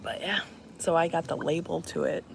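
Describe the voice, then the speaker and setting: A woman's voice: sits low, normal speed, gravelly. A woman in her fifties telling a rambling, chatty story to her viewers, with lots of fillers. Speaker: vlogger. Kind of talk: casual chat to viewers. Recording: loud cricket noise behind voice. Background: crickets and insects chirping.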